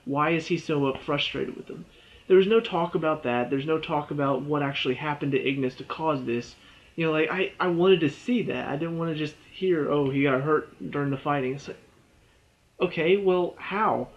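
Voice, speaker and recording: Male game reviewer, a bit high-pitched, exasperated casual rambler, muffled recording. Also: moderate pace. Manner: rambling, exasperated, with many "you know" and "all of a sudden".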